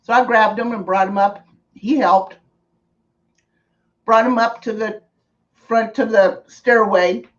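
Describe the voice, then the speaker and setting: A woman tells a story on a live stream, slowly and earnestly, stopping now and then to thank viewers. Her voice sounds set back from the mic. The sound is dull and lo-fi. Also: a little high, fairly even intonation, distant mic.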